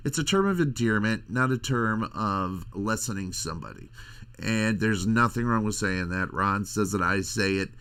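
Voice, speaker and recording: Gravelly-voiced man rambling on his show. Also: on the low side, fairly bright tone. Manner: rambling, crude, halting with restarts. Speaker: podcast host. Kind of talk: casual monologue.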